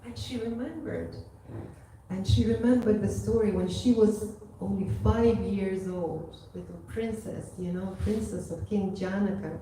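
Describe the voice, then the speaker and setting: A woman's voice: mid-range voice, unhurried, dark tone, a little hiss or hum. Casual woman telling a devotional story. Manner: casual, lots of "you know". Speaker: storyteller at a temple gathering. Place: temple hall. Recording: echoey hall from far off.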